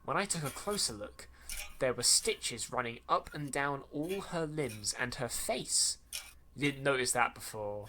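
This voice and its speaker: A man's voice: medium pitch, noisy background. A man hosting a podcast, reading a horror story aloud, tripping over clumsy sentences and rereading them with sarcastic asides. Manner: stumbling over lines and rereading them mockingly.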